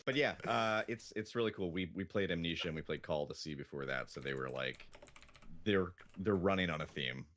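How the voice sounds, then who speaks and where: A man's voice: low voice, brisk, a bit bright. A man co-hosting a gaming podcast, talking in a laid-back way with many ums. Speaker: streamer and podcast co-host. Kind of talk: casual gaming podcast chat.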